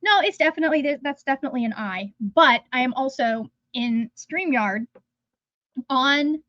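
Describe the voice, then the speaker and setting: High-voiced woman chatting on a livestream. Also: animated, moderate pace, fairly bright tone, dry recording, muffled recording. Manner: rambling, chatty, trails off mid-sentence. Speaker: livestream host. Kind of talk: casual livestream chat. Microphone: phone.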